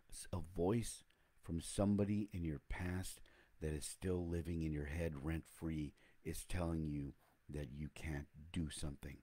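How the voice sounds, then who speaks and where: A man's voice: extremely low pitch, steady tone, measured pace, dark tone, slightly rough. A man hosting a casual motivational talk, rambling and reflective, often correcting himself mid-sentence.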